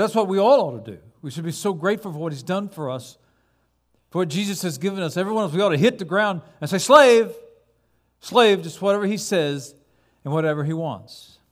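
Dramatic preacher man. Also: fairly high pitch. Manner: dramatic, building to emphatic repeated words. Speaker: pastor. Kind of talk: sermon.

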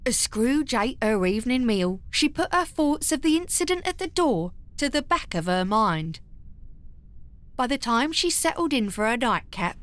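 A woman playing a street-seller narrator who tells the story deliberately and grows exasperated with her partner. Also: a little high, big pitch swings, fairly bright tone.

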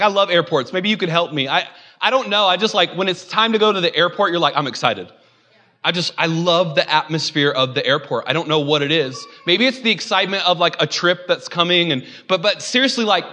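A man's voice: sits high, bright, forceful tone. A young man preaching a conversational sermon, joking and calling out to his congregation. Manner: joking, chatty, audience call-outs. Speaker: pastor.

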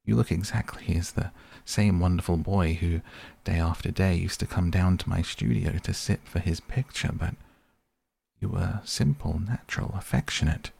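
A man's voice: sits low, moderate pace, vocal fry, darkish tone, husky, dry recording, full character voice. A man voicing an older male painter who speaks in an anguished, reproachful, pleading way.

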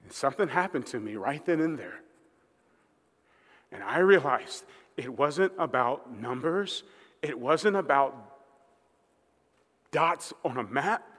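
A man's voice: medium pitch, animated, slow pace, pauses often, fairly bright tone. A male pastor preaching a sermon, telling a story in a conversational way and acting out the voices of the people he quotes. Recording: long reverb of a large hall.

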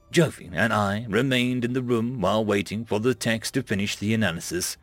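A man's voice: medium pitch, dry recording. A man narrating a first-person science fiction story in a wry, conversational way, close to the mic. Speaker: audiobook narrator.

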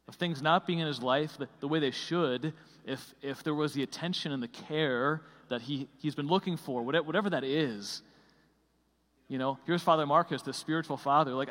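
A man with a fairly high voice delivering a sermon. He talks loosely and conversationally, with frequent fillers and restarts. His words ring out with a long reverb through a large church. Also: a bit bright. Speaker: preacher.

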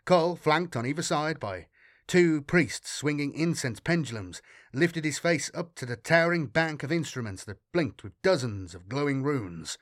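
A man reading a science fiction audiobook in a measured, dramatic way. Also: a little high, expressive, dry recording, clean studio sound. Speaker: audiobook narrator. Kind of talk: scripted narration of science fiction.

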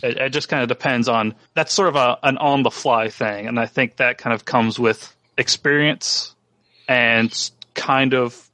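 A man who runs tabletop games, explaining how he works at the table. He talks hesitantly, with many fillers and restarts. His voice sits in a middle pitch, and the recording is dry. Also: pushed and bright, dry recording. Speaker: game master. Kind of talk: casual tabletop gaming discussion.

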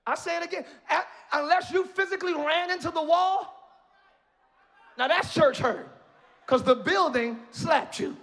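High, bright-voiced preaching pastor. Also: male voice, measured pace. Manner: preaching with rising shouts and playful asides. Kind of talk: sermon. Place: church sanctuary.

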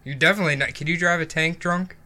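Very bright-voiced male podcast co-host. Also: fairly high pitch, steady tone, fast talker. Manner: laughing, teasing, asks many questions. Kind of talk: casual banter.

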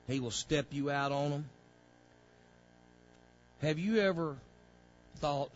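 Fervent preaching pastor, lo-fi sound. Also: male voice, fairly high pitch, slow, long pauses, a little hiss or hum. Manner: preaching with call-outs to the congregation, rising to loud fervor. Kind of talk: sermon.

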